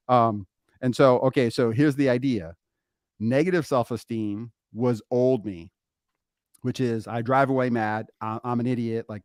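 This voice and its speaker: Middle-aged dad co-host, chatty animated storyteller, mid-range voice, dry booth sound. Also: male voice, medium pitch, normal speed, no echo. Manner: animated, laughing storyteller, acts out quotes. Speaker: podcast co-host, father. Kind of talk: casual storytelling chat.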